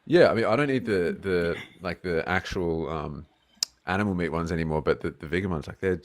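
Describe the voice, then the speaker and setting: A man with an Australian accent, a guest answering questions in a casual Q&A, joking easily and then explaining in a measured way over a video call. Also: sits low. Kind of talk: casual Q&A conversation.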